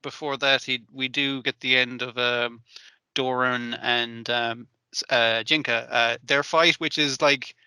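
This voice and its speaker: Bright punchy guy on a podcast, dry close sound, swears a lot, tells it animated. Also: mid-range voice, measured pace, clean tone, dry recording. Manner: animated retelling, acts out lines, swears often. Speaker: podcast co-host. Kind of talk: casual chat.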